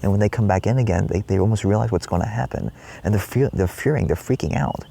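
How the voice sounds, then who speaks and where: A man's voice: on the low side, fast, gravelly, mellow, breathy edge. A man giving a rambling spiritual monologue in his trailer, swearing often and acting out his own past cries. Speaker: spiritual vlogger.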